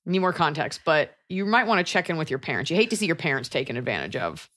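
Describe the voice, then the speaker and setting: A woman's voice: sits low, sing-song, fast, a bit bright. A woman hosting a podcast, giving advice in a joking, rambling, casual way. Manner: joking, rambling, playful asides. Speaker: podcast host. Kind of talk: casual comedic chat.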